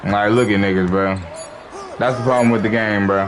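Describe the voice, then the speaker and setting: Brief: very deep-voiced male streamer, profane exasperated game rant, noisy background. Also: fairly even intonation, moderate pace. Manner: profane, exasperated trash talk. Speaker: live streamer. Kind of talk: casual gaming commentary. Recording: background noise.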